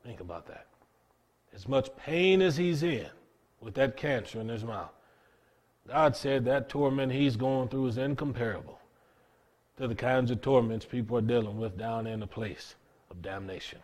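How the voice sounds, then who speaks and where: A man preaching a sermon in an earnest, emphatic way, with dramatic pauses and repeated words. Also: medium pitch, darkish tone.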